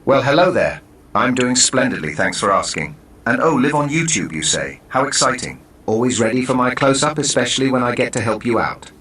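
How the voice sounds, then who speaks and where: Crisp British AI butler voice, synthetic male. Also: medium pitch, very animated, a bit bright. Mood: chipper. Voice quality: crisp, measured, articulate. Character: polished male AI assistant, confident and playful. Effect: played through computer speakers. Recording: far-off speaker playback, roomy, noisy.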